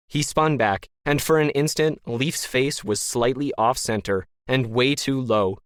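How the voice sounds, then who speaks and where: A man narrating a science-fiction story in a wry, deadpan manner. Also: mid-range voice, no echo, clean studio sound. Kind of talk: scripted narration.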